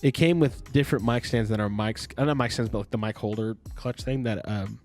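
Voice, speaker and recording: A man's voice: lowish voice, a little fast, darkish tone. Young male co-host, loose rambling chat, swears freely, music faintly behind. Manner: rambling, swears a lot, many restarts. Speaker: podcast co-host. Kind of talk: casual chat.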